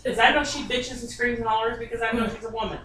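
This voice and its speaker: A woman's voice: fairly high pitch, flat delivery, fast, a bit bright, slight background noise. Blunt, swearing woman medium, echoey room. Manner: blunt, profane and insistent. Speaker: psychic medium. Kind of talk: emotional psychic reading. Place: inside a private home. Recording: echoey room, distant mic, faint ambience.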